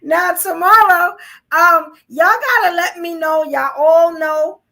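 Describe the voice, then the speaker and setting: High, gravelly-voiced woman podcast host. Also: steady tone, takes it slowly, bright, forceful tone. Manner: chatty, repeats "you know what I'm saying". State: losing her voice. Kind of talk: casual live-stream chat.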